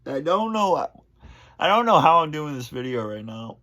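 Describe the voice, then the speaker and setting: A man speaks slowly and haltingly, stopping often to restart his sentences. His voice is bright and forward. He is emotional as he answers fan questions for his channel. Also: medium pitch, animated. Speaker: channel host.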